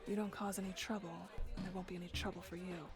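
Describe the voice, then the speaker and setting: A woman's voice: on the low side, level tone, fast, over a noisy crowd, close to an everyday voice. A woman voicing a tall, stern female club enforcer who gives curt, firm warnings, with game music behind.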